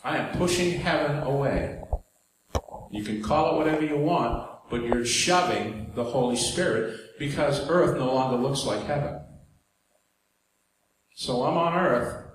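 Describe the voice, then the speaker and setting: A man's voice: medium pitch, measured pace, pauses often. A man preaching a sermon in a conversational way, with asides and jokes to the congregation. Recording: very echoey hall, faint background noise.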